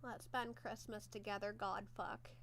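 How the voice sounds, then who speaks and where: Chatty woman streamer, bright voice, unhurried, laughs and swears a lot. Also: medium pitch, steady tone, slight background noise. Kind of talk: casual watchalong commentary.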